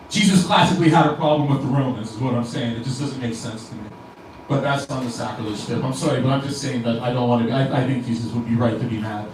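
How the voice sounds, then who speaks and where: A man with a mid-range, darkish voice and fairly even intonation talks at a quick pace, with a little hiss or hum present. He's a stand-up comic in a club, rambling through a profane set and restarting his sentences, captured by a distant mic in an echoey room with crowd ambience.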